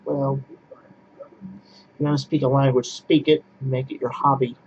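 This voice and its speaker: A man's voice: mid-range voice, level tone, moderate pace, muffled recording, very noisy. A man ranting casually to camera in a vlog, blunt and repetitive, often restarting his phrases. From Poland. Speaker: vlogger.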